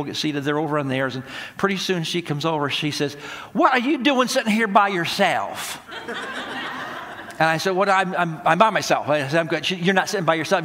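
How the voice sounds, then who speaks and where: A pastor with a fairly high, slightly bright voice tells a folksy story during a sermon, acting out the dialogue. The recording carries a long hall reverb.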